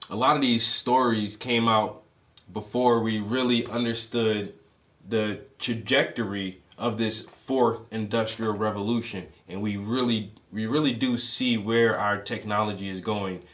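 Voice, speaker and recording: A man hosting an art stream, chatting casually and rambling through ideas out loud, loose and profane, with fillers as he thinks. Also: lowish voice.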